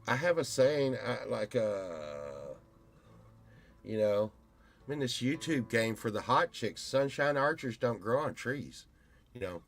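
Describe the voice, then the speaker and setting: A man's voice: medium pitch, big pitch swings, slow pace, soft background music. A man in his fifties, rambling through a casual vlog monologue and telling stories with many restarts. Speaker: YouTuber.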